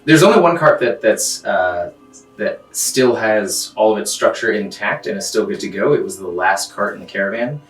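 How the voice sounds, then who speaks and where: A man narrating a tabletop game as game master. He describes scenes at length, often pausing on ums and uhs. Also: fairly low pitch, expressive. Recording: roomy, distant mic, faint music.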